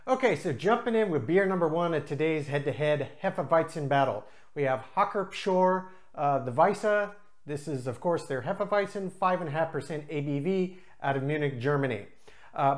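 A craft beer reviewer hosting his own channel, tasting and explaining beers in a casual, unscripted way, chatty, with frequent filler pauses. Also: medium pitch.

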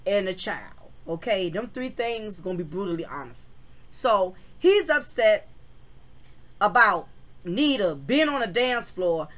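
Woman vlogger, frank, slangy storytelling, bright voice. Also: mid-range voice. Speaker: channel host telling a personal story. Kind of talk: casual storytelling vlog.

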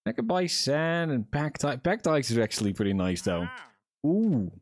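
A man's voice: mid-range voice, expressive, normal speed. A young man chatting casually to viewers while livestreaming a game, joking and swearing as he plays. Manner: chatty, profane, jokey self-talk to viewers. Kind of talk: casual gaming livestream chat.

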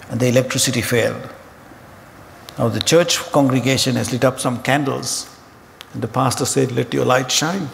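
A man preaching a sermon, telling humorous stories in an animated way. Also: mid-range voice, vocal fry. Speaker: pastor. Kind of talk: sermon storytelling. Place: church auditorium. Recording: hall reverb with faint ambient noise.

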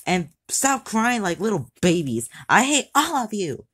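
A woman voicing a bratty young logo character in a whiny tantrum, shouting rudely in an amateur skit. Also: very deep voice, expressive, moderate pace. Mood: angry tantrum.

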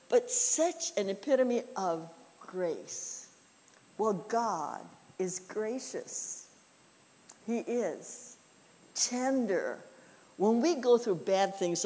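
In a church, a woman preacher gives a relaxed, conversational sermon filled with personal stories, speaking slowly in a mid-range voice. She's easygoing and folksy, often dropping in "you know," and her voice trails off into a long, echoing reverb.

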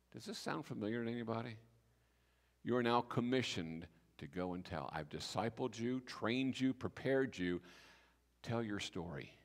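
A man preaching a sermon as pastor, telling the story with lively acted-out dialogue. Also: medium pitch, normal speed. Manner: animated storytelling, acting out biblical speakers in voice. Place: church sanctuary. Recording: reverberant church hall.

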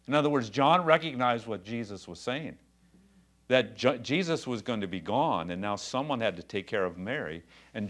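A man's voice: mid-range voice, expressive, normal speed. A man preaching a sermon as pastor, talking conversationally and then building to passionate, rising emphasis. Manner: conversational asides with quiet drops.

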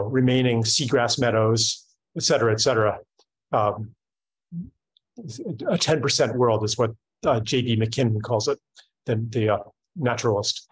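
A man's voice: medium pitch, slightly rough, low-quality recording. A middle-aged man in a reflective conversation, talking thoughtfully with frequent restarts and fillers. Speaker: speaker in a panel conversation.

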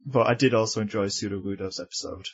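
A man co-hosting a podcast in casual chat, chatty and quick to laugh. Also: on the low side, breathy edge, highs cut off. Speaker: podcast co-host.

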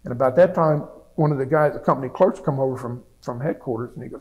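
The recording is dull, and the veteran talks fast with hardly any pauses in a darkish, mid-range voice. An older American, he gives a plainspoken, meandering oral history of the war, often restarting his sentences.

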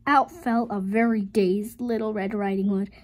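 A woman reading a picture book aloud to her viewers, with expressive storytelling and chatty asides. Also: medium pitch, moderate pace. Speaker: storybook reader.

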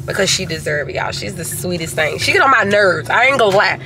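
A woman's voice: medium pitch, expressive, fast, noisy background. Chatty Southern woman vlogging from a car. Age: 20s. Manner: chatty, addresses viewers as y'all. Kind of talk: casual chat to camera. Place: in a car at a drive-through.

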